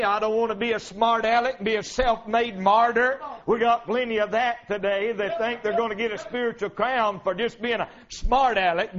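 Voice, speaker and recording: A man's voice: high-pitched, highs cut off. A man preaching a fervent revival sermon, rhythmic and punctuated with calls of amen, as a traveling preacher.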